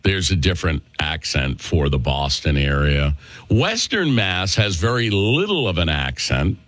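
A man's voice: deep voice, sing-song, measured pace, a bit bright, no room sound. A male talk show host with a Worcester, Massachusetts accent, delivering a chatty, opinionated monologue and calling listeners folks.

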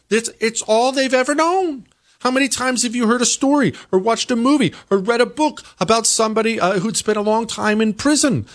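An American man hosting a talk show, delivering an emphatic opinion monologue that climbs into high-pitched exasperation. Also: lively intonation, a little fast. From United States. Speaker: political talk show host.

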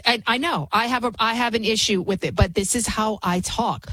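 A woman hosting a talk radio show who talks fast, barely pausing, in an opinionated and mocking way. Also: fairly high pitch, bright, forceful tone, husky, no room sound, low-quality recording. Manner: talks fast, rarely pauses; mocking, sarcastic.

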